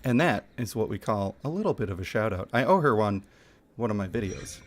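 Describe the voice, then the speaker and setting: A man streaming a mobile game from his home setup, chatting casually, getting excited and laughing often, into a desk microphone. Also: on the low side, brisk. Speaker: gaming streamer. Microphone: desk microphone picking up chair rumble.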